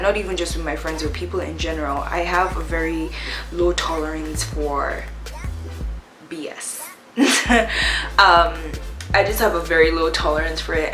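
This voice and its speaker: Young woman, low voice, candid makeup chat, echoey room, faint music behind. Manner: candid, reflective, breaks into laughs. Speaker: beauty vlogger. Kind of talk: get-ready-with-me chat while doing makeup.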